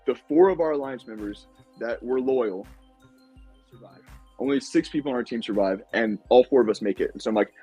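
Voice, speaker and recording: A young man talking as a podcast guest, telling his story in an animated, casual way, full of "like" and "dude". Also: slightly rough, poor audio. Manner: animated storytelling, acts out quotes in high voices; says "like" and "dude" a lot. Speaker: podcast guest, former contestant.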